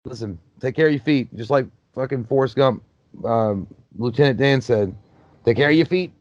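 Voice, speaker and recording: Joking and swearing freely, a man talks his way through a movie as a casual commentary host, riffing on the on-screen action. He speaks at normal speed in a mid-range voice with a darkish tone; the dry, slightly dull recording suggests a basic home mic.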